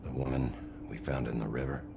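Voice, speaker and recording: A gruff, blunt male sheriff from a video game. He speaks low and terse, with a rough, gravelly grain to the voice. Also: flat delivery, brisk, noisy background. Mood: somber.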